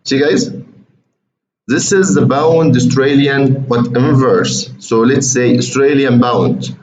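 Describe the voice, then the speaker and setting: Speaking slowly in a medium-pitched, slightly mellow voice, a trading educator goes over charts on a shared screen. His manner is chatty and repetitive, and "guys" comes up often as he addresses viewers. The sound is roomy, muffled, and carries a faint hiss.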